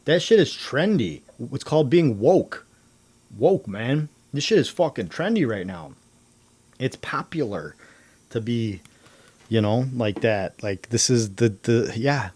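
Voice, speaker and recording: A man's voice: medium pitch, big pitch swings, unhurried, darkish tone, breathy edge. A man hosting a livestream, chatting casually in a rambling way, full of swearing and slang. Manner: rambling conspiracy talk. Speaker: livestream host.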